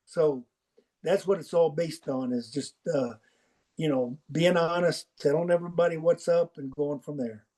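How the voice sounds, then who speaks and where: A man's voice: on the high side, moderate pace, darkish tone. An older man, a football coach as podcast guest, telling folksy anecdotes and acting out the dialogue in them. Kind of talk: storytelling interview.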